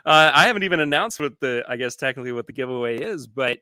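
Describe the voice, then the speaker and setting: A man's voice: mid-range voice, expressive, moderate pace, pushed and bright, clear, resonant tone, no echo. A man hosting a casual live stream from his home studio, rambling, restarting his sentences and reading viewer comments aloud. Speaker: podcast host.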